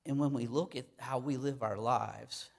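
A man's voice: mid-range voice, normal speed, vocal fry. A man preaching a sermon in an earnest, emphatic manner, repeating key phrases to drive them home.

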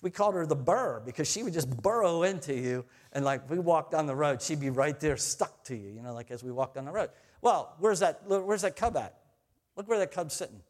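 A middle-aged man preaching a sermon, telling family stories in a conversational way, rising to loud exhortation and falling to soft, tender asides. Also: a little high, expressive, brisk. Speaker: pastor.

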